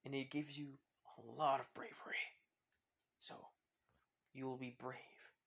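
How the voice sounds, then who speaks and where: A man voicing a kind, protective teenage boy hero who speaks in soft, quiet reassurance. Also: mid-range voice, level tone, measured pace, vocal fry. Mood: tender.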